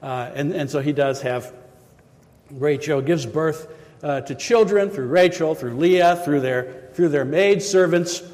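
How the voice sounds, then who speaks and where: A pastor giving a sermon, retelling the story in a casual, chatty way with quoted voices. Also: male voice, a little high, a little slow, a little mellow. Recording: reverberant hall.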